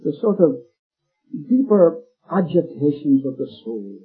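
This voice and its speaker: Very husky male preacher, lively pitch. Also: unhurried. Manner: emphatic, repeats key phrases, rising stress. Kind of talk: expository sermon. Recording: phone-like lo-fi recording with faint music.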